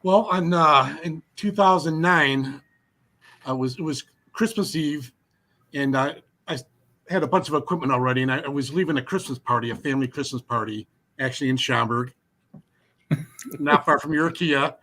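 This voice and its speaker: A man, a paranormal investigator telling his experiences in a casual podcast chat, animated with frequent restarts. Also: a little high, normal speed.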